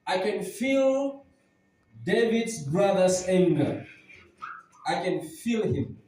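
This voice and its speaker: A man preaches a sermon, retelling a Bible story with drama in a very high, mellow voice. He is recorded in a church hall with heavy echo, and the mic sits well away from him. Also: big pitch swings, slow pace, far from the mic. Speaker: pastor.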